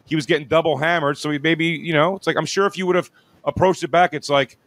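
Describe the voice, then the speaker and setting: A man's voice: on the high side, fairly even intonation, quick pace, a bit bright, dry recording. A man in his studio, teasing and arguing in a casual podcast debate, swearing freely. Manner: teasing, mock-courtroom banter, swears.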